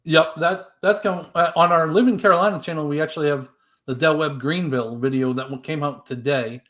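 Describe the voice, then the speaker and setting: A man's voice: a little high, fairly quick, fairly bright tone. A man co-hosting a live stream, casually reading viewer comments and chatting about upcoming videos. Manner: easygoing, reads comments aloud.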